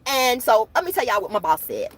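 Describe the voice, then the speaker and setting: Casual vlog host, woman, animated and chatty, voice a touch high. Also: brisk. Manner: animated, laughs often, addresses viewers as y'all. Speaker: channel host. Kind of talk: casual chat to viewers.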